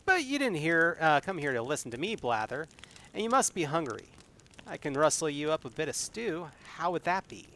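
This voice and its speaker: A man's voice: fairly high pitch, sing-song, moderate pace, bright, forceful tone, pitched above the performer's own voice, full character voice. A man doing a chatty village landlady.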